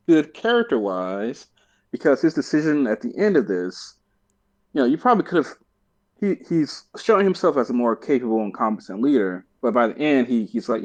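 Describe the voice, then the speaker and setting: Lively, giggly man rambling on a podcast. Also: fairly high pitch, muffled recording. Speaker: podcast co-host. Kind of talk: casual chat.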